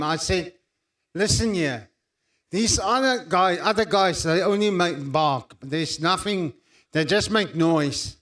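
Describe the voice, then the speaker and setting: A South African man preaching to a congregation, telling his own story in a slow, deliberate way. His voice sits high for a man and he leans on long, intense pauses. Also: fairly bright tone. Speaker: preacher giving testimony. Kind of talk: sermon with personal testimony.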